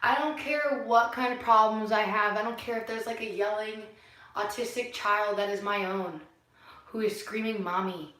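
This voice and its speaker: Bright-voiced woman musing in an echoey room. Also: medium pitch, fairly even intonation, normal speed. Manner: musing and preachy, with soft laughs and sighs. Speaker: vlogger. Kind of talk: rambling spiritual monologue. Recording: very echoey room, far from the mic.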